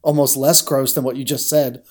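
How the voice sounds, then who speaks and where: A man with a New Jersey accent co-hosting a podcast, chatting about films bluntly and profanely, quick to laugh. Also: medium pitch, flat delivery, a little mellow. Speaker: podcast co-host. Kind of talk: casual chat about films.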